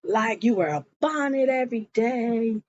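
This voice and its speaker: A woman's voice: on the high side, expressive, a little slow, a little mellow, highs cut off. Blunt scolding mother, as a woman puts her on.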